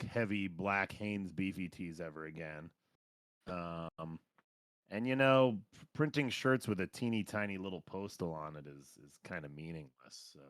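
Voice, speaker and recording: Deep-voiced sarcastic man. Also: a bit bright, dry recording. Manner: dry, sarcastic and blunt. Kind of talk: casual chat. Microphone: voice chat.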